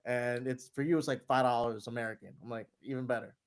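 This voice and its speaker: A man's voice: mid-range voice, steady tone, quick pace, clean tone. A man from New York telling a long, rambling travel story in casual chat, swearing and laughing as he goes. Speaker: guest.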